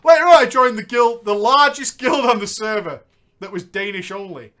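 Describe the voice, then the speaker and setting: A man's voice: high-pitched, normal speed, bright, forceful tone. A man telling a gaming story in a giggly, bantering comedy chat. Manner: giggly, banters between lines. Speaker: podcast host reading a story.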